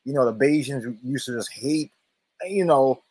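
A man's voice: mid-range voice, measured pace, darkish tone, slightly rough, no echo. An earnest man who presses his point insistently, often repeating words. His voice sits in a middling range, and the sound is dry and close. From Jamaica. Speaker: podcast panelist. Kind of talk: casual panel discussion.

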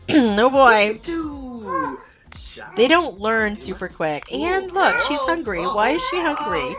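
A woman's voice: sits high, expressive, takes it slowly, long pauses, over a noisy crowd. A woman streaming a game live, gushing and talking to her game characters as she plays. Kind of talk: live-streamed gameplay commentary. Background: game music.

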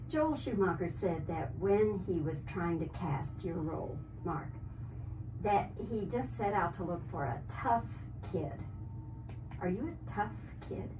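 A woman's voice: on the low side, expressive, measured pace. A woman conducting an archival TV interview, asking upbeat, friendly questions. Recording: echoey, distant, noisy archive clip.

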